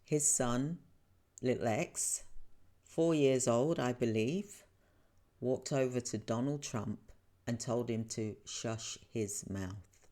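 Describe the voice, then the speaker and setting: A man giving casual spoken commentary, rambling and halting, with restarts and repeated filler phrases like "you know" and "for example". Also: medium pitch, dark tone. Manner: halting, with restarts and drawn-out pauses.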